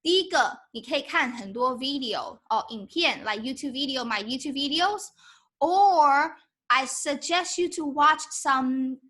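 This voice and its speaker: Female Mandarin teacher, high voice, unhurried pace, encouraging. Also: expressive, a bit bright. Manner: mixes English and Mandarin, demonstrates tones by drawing out syllables; encouraging, asks "okay?" often. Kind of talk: live-stream language lesson.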